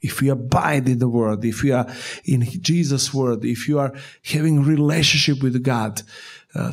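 Man, preacher, sermon, earnest exhortation, mid pitch. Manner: earnest exhortation with short repeated commands. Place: church service.

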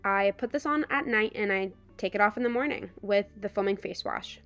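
A woman's voice: medium pitch, a little fast, fairly bright tone, soft background music. Casual young woman vlogger. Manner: chatty, with fillers and little laughs. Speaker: beauty vlogger. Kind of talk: casual vlog chat.

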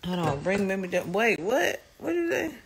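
A woman's voice: mid-range voice, big pitch swings, normal speed, background noise. A woman, a mother chatting casually with her young son in a family vlog, laughing often and teasing him. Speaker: mother and vlogger.

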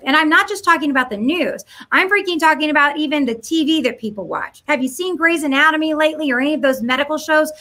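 A woman's voice: high voice, bright, forceful tone. A woman giving an impassioned monologue to camera, mocking, firing rhetorical questions and doing voices. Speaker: political commentator.

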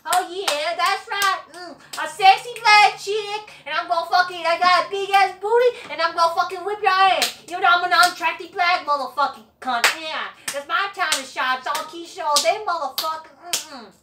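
A man doing a brash, boastful woman wrestler, squealing high and loud as she trash-talks and taunts. The voice jumps far above his own and pushes hard. It sounds echoey and off-mic in a room. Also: normal speed, few pauses, noisy background. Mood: taunting. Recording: roomy, distant mic.

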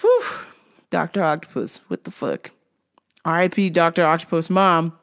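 A young woman hosting a podcast, telling crude, funny stories in a casual, animated way. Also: fairly low pitch, normal speed. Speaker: podcast host. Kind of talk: casual comedic storytelling.

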